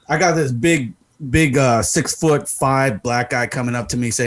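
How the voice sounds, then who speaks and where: A man co-hosting a podcast who tells a story casually and animatedly, jumping in pitch for emphasis. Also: steady tone, moderate pace, hardly any pauses, fairly bright tone. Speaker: podcast co-host.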